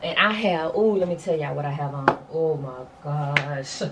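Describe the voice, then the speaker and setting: A woman's voice: low voice, steady tone, a little slow, very noisy. A woman vlogging at home in casual chat to her viewers, exclaiming and slangy, a bit out of breath. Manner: chatty, exclaims, talks straight to viewers with slang. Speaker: lifestyle vlogger. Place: at home, bedroom.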